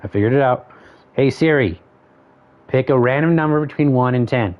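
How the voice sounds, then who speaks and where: He has a mid-range voice and moves at a moderate pace, casually commenting on the game he's streaming. He thinks aloud and counts off options under his breath, heard through dull lo-fi stream audio.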